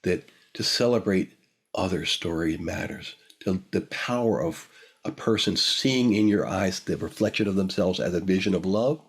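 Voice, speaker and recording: A man's voice: sits low, normal speed, gravelly, breathy edge. An older man, a guest, telling a personal story in a reflective, emotional way, repeating phrases for emphasis.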